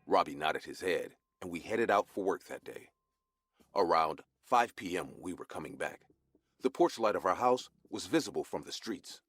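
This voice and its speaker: Deep husky male story narrator. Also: animated, normal speed, fairly bright tone, dry recording, clean studio sound. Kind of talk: scripted horror story narration.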